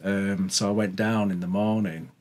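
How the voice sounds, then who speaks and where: A man's voice: on the low side, little pitch movement, normal speed, darkish tone. A man from England, the interviewer in a casual conversation, sharing his own experience in a chatty, agreeable way.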